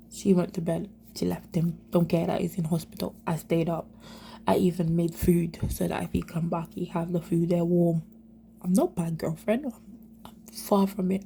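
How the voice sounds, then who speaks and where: A young woman telling her own story of domestic abuse in halting, repetitive speech that often slips into a whisper. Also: on the low side, gravelly, mellow, a little hiss or hum. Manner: halting, repeats herself, many fillers; often drops to an unvoiced whisper. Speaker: survivor sharing her story. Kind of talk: emotional personal testimony.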